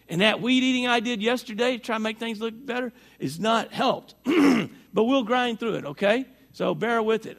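A man's voice: very high voice, animated, normal speed, gravelly, few pauses. A middle-aged male pastor preaching a sermon in a folksy, chatty way, his voice strained by allergies and talking back and forth with the congregation.

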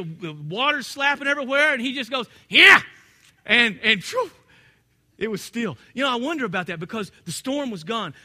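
A man preaching a sermon in a folksy, animated storytelling manner, now and then breaking into shouts. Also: extremely high pitch. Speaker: pastor.

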